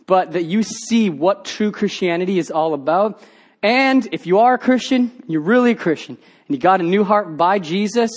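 High-voiced man preaching a sermon. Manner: energetic storytelling with quoted voices. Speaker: pastor.

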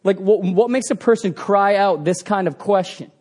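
A man preaching a sermon, telling the story with animated sound effects and swinging between loud bursts and hushed passages. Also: high-pitched, moderate pace.

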